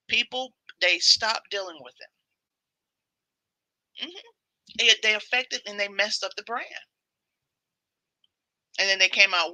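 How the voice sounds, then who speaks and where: A woman's voice: mid-range voice, a little slow, pauses often, pushed and bright, no echo, rough recording. A woman hosting a casual devotional livestream, chatty and repeating phrases for emphasis.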